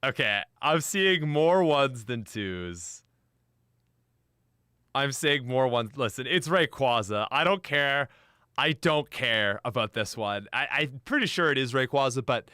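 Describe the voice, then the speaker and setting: A man's voice: medium pitch, sharp tone, smooth, dry recording, studio quality. A young adult man chatting on a live stream, laughing often and talking straight to his chat. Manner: giggly, frequent laughter; chatty, addresses chat directly.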